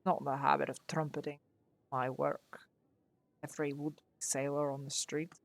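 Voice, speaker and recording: A woman's voice: sits low, animated, normal speed, sharp tone, no room sound. A woman voicing a stern male ship captain who questions a recruit in curt lines, using a put-on accent she admits is poor. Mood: gruff.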